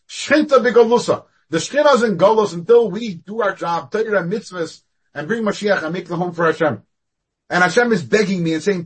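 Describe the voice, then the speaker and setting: A husky man with a fairly high voice teaches an online Torah class over a video call. He speaks animatedly, jumping up in pitch and loudness, then dropping low. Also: brisk. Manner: animated, with sudden rises and falls in loudness.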